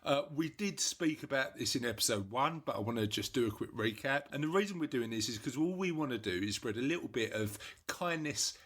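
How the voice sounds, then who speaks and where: A man's voice: mid-range voice, expressive, brisk, a bit bright. A man co-hosting a casual podcast, chatty and jokey as he explains how the show works. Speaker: podcast co-host.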